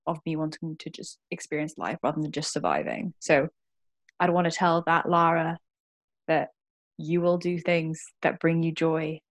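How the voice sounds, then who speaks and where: A woman's voice: deep voice, moderate pace. A young woman, talking candidly as a guest in a casual chat. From Wales. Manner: candid, swears, swings from laughing to reflective.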